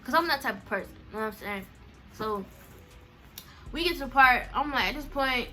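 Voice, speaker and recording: A woman's voice: high-pitched, lively intonation, fairly quick, bright, forceful tone, faint music behind. A young woman vlogger telling a story in a casual, slangy, profane way. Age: young adult.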